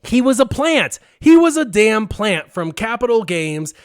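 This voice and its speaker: A man hosting a gaming channel, telling a story to his viewers in a casual, excitable and animated way, stressing words for effect. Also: high voice, a little slow, clean tone, no echo, studio quality.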